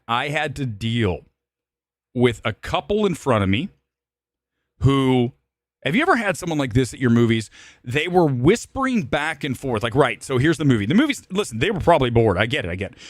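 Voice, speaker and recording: A man hosting a live-stream movie talk show, telling a story in an animated, profane rant and jumping to high shouts when he gets worked up. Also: normal speed, no room sound, clean studio sound. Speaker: host.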